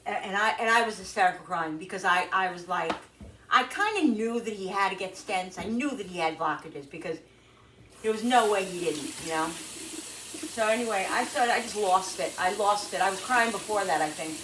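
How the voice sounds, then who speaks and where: A woman's voice: medium pitch, lively intonation, normal speed. A middle-aged woman telling a personal story in an emotional, rambling vlog, repeating herself as she goes. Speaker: vlogger. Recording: roomy echo, mic at a distance, noisy.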